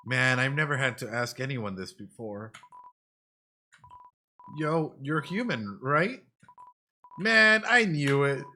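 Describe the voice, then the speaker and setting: A man voicing an eager, clumsy young monster kid in a high, excitable, breathless voice. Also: slow, long pauses, slight background noise, full character voice.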